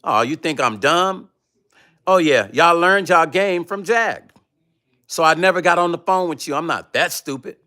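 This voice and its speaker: A man's voice: a little high, animated, moderate pace, pushed and bright. A man hosting his own livestream, ranting confrontationally and profanely at a rival, reading chat comments aloud. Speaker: vlog host reading live chat. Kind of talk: heated livestream rant.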